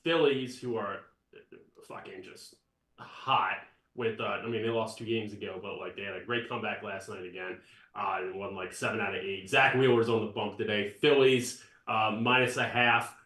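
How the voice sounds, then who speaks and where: A man co-hosting a casual sports betting chat, laid-back and halting with fillers. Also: lowish voice, fairly even intonation, pushed and bright. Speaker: podcast co-host. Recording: roomy sound, a bit off-mic.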